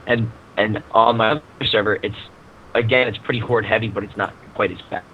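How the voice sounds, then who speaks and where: A man's voice: fairly low pitch, fairly even intonation, fairly quick, narrow, tinny audio, a little hiss or hum. A man in a casual gaming chat who pokes fun at himself and his complaints. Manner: self-deprecating, laughs at himself.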